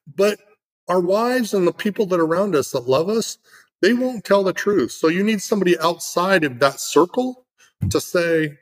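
A man's voice: high-pitched, expressive, normal speed, rough recording. Man telling stories, loose and earnest. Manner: earnest, storytelling with lots of fillers. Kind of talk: casual conversation.

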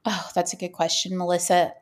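A woman's voice: on the low side, flat delivery, brisk. A woman author, from the Southern United States, talking about her writing in a casual interview, chatty and enthusiastic. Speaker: author guest.

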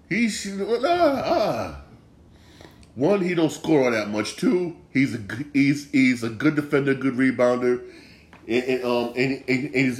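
A man hosting a sports podcast, ranting heatedly with a lot of swearing and repetition. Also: medium pitch.

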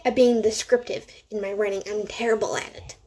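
A woman's voice: mid-range voice, fairly even intonation, a little fast, warm tone. A teenage girl hosting a casual solo podcast from home, rambling, correcting herself and making sarcastic asides. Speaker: podcast host.

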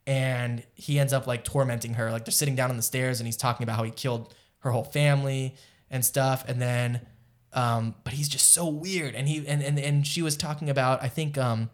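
This anime podcast co-host has a mid-range, steady voice and a brisk pace. Recapping episodes in loose conversation, he wanders, piles on fillers and asides, and keeps getting pulled away by live chat.

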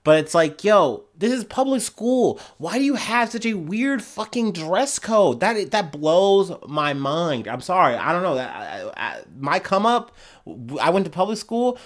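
A man's voice: sits high, sing-song, a little slow. A young man hosting a solo news podcast, ranting heatedly with frequent swearing. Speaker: podcast host. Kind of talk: casual solo commentary.

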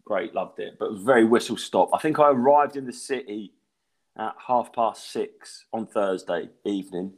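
A man's voice: fairly low pitch, moderate pace. A man in his thirties, a comedian hosting a podcast, telling swear-laden, self-mocking anecdotes in casual chat. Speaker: stand-up comedian and podcast host.

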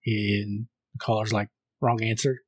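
A man co-hosting a film podcast, casually recapping a horror movie scene by scene and reading the caller's lines flatly. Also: lowish voice, a little slow, husky, no room sound. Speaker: podcast co-host.

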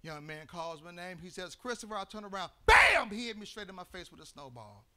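A man from Chicago preaching a sermon as pastor. He tells a story and then builds into shouted, half-sung preaching. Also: high-pitched, big pitch swings, a little fast. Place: church sanctuary.

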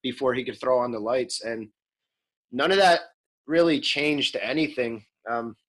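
A man's voice: mid-range voice, a little slow, a bit bright, rough recording. A man in his thirties, an interview guest telling his story frankly and conversationally, with frequent ums and restarts. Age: 30s. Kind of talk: candid storytelling.

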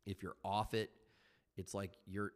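Low-voiced man in his fifties, halting. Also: flat delivery. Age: 50s. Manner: halting, reflective, many fillers and restarts. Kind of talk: personal recovery story. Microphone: headset.

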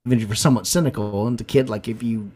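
A man with a lowish voice races through his words as a podcast co-host. He's animated in casual chat, telling stories in a jokey way.

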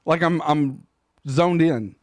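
High-voiced man, profane banter. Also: no echo. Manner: profane, quick to laugh. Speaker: podcast co-host. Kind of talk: casual banter.

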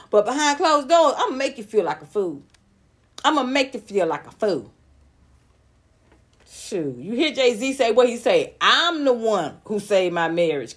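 A woman, hosting a casual live-stream gossip chat, loud, blunt and profane, laughing often. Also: a little high. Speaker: celebrity gossip vlogger.

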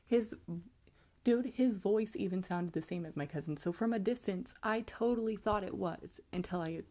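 A woman's voice: mid-range voice, moderate pace, warm tone. A young woman from California casually telling a creepy personal story, rambling with lots of likes and ums. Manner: rambling, heavy use of like and um. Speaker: podcast host.

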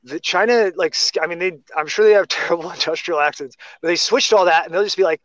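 A man's voice: sits high, quick pace, fairly bright tone, dry recording. A man talking casually in a podcast chat, rambling through restarts and tangents. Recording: dry, muffled lo-fi sound.

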